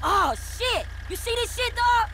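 A man's voice: very high voice, lively intonation, unhurried, noisy background, heavily acted. An actor voicing a streetwise young male driver who talks in street slang in a video game. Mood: excited.

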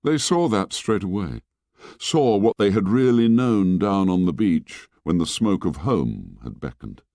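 A man narrating a novel as an audiobook, reading dramatically and sinking low and soft on grim lines. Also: big pitch swings, measured pace, dry recording, clean studio sound.

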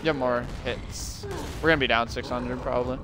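A young man streaming a team game live, giving rapid callouts and countdowns to his teammates, slangy and swearing. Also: medium pitch, steady tone, background noise. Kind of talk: live gameplay commentary to teammates.

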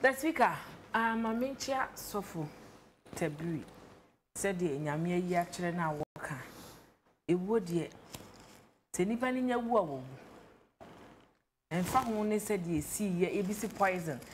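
A woman's voice: fairly low pitch, unhurried, pauses often, a little hiss or hum. A woman on a talk show panel, chatting casually and animatedly, mixing English into her talk. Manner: animated, mixes English into Twi. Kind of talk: casual chat.

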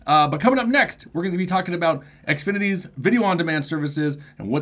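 Male host, brisk lively delivery, casual film review banter. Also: on the high side. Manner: animated, quick, lively delivery.

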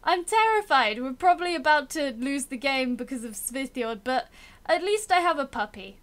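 High-voiced woman chatting through a strategy game. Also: lively intonation, normal speed. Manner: chatty, self-mocking, talks to game characters. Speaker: gameplay commentator. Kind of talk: casual game commentary.

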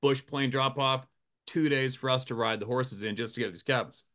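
A man who works as a hunting guide, telling a profane, animated campfire story, laughing often and acting out the quotes in a raised voice. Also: mid-range voice, a little fast. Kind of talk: casual storytelling. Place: campfire outdoors.

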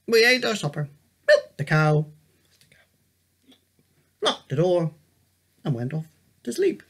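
A man reading his picture book aloud, expressive and animated. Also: high-pitched, slow pace, long pauses. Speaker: storyteller.

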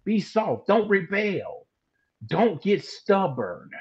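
A man preaching scripture in an easy, colloquial way on a live stream, stretching words out to make his point. His voice sits high and sounds a bit husky. The audio is dull and lo-fi. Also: big pitch swings, slow pace, a little mellow. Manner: colloquial, emphatic, drawls words for stress. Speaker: teacher in a Bible discussion broadcast. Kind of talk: casual preaching in a live streamed Bible discussion.

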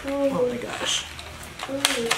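A woman beauty vlogger chatting casually as she unboxes a gift, excitable and rambling with lots of filler words. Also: high-pitched, takes it slowly. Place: at home. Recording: echoey room with background noise.

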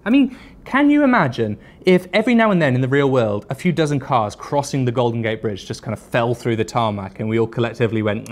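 Wry, sarcastic crypto news presenter. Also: male voice, medium pitch, lively intonation, quick pace. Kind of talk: scripted news commentary.

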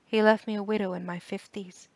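Brief: a kindly old widow, soft and patient, read by a woman, dry close audiobook sound. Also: medium pitch, flat delivery, brisk, no echo, natural voice. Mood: gentle. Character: gentle elderly widow speaking kindly.

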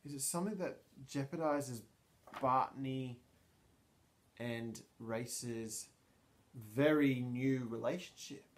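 A man's voice: medium pitch, takes it slowly, long pauses, slight background noise. A man narrating a solo tabletop game, thinking aloud with many ums and restarts. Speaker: storyteller and player.

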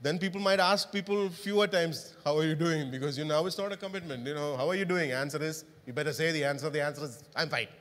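A man delivers a sermon in a church, his voice sitting a little high for a man. He keeps turning to the congregation with questions. The sound rings with a long hall reverb. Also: quick pace, hardly any pauses, a bit bright. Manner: interactive, asks the congregation questions. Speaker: pastor.

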